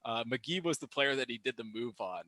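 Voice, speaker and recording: Casual live-stream basketball commentary comes from a young man reacting excitedly and ranting over calls. He's animated, riddled with fillers and restarts, speaking at medium pitch with no room sound.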